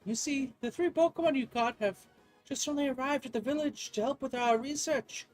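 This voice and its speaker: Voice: sits high, normal speed, darkish tone, faint music behind, pitched above the performer's own voice, natural voice. A player reads game dialogue aloud in a put-on voice as a genteel, chatty male professor with polite old-fashioned phrasing. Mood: earnest. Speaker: gaming video creator.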